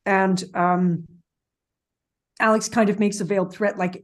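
A woman's voice: medium pitch, fairly even intonation, slow pace, long pauses. A woman hosting a podcast, recapping a TV series in casual, opinionated chat, full of "like" and "um". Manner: chatty and opinionated, with frequent "like" and "um". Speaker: podcast host.

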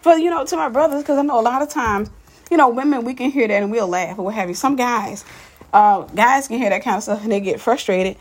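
A woman from tells a personal story in a frank vlog. Her voice sits a little high and has a husky, breathy grain. She speaks candidly and addresses her listeners directly. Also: brisk. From Mississippi. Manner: walking up stairs while talking.

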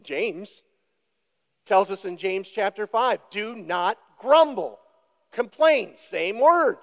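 A male pastor preaching a sermon, deliberate and emphatic, putting questions to the congregation. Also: high voice, expressive, in a large hall.

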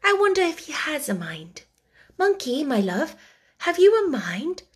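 A woman reading aloud, voicing an eager, warm-hearted little girl in a bright, breathy voice. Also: high-pitched, very animated, measured pace, voice pushed up.

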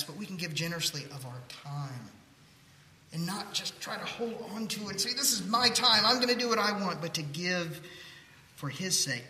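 A middle-aged man pastor preaching a sermon, telling a story and acting out the people in it with lively energy. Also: a little high. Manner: storytelling, animated quoting of others. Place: church sanctuary. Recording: echoey hall with faint noise.

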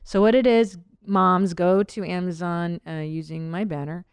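A woman in her thirties hosts a casual podcast with a low voice. She rambles and laughs often. The sound is dry and close, with no room echo. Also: steady tone, normal speed, clean tone. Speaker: podcast host. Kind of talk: casual chat.

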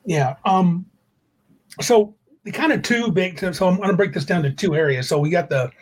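A man's voice: high-pitched, animated, moderate pace, breathy edge, low-quality recording. A man co-hosting a livestreamed tabletop gaming talk show, chatting casually and rambling as he corrects himself. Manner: rambling, self-correcting, reads quotes aloud. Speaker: podcast co-host.

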